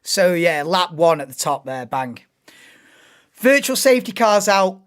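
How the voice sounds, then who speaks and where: A man's voice: high voice, sing-song, unhurried, a bit bright, clear, resonant tone. A man doing casual live race commentary on a stream, chatting and thinking aloud between calls of the action.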